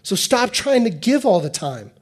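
A man preaching a sermon as a pastor, animated and repetitive, acting out quotes in his talk. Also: high-pitched, normal speed, slightly rough. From United States.

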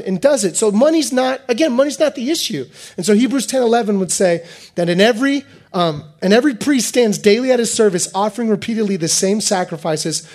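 A man preaching a sermon as a pastor, animated and repetitive, acting out quotes in his talk. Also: high-pitched. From United States.

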